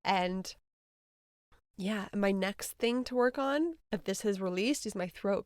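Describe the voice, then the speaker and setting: A woman in the middle of her range talks through a casual spiritual podcast monologue, rambling and earnest. Her sentences often sink into quiet murmurs. The recording is dry and close, with no room sound. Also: mid-range voice, lively intonation, takes it slowly, dry recording. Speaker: podcast host, energy healer.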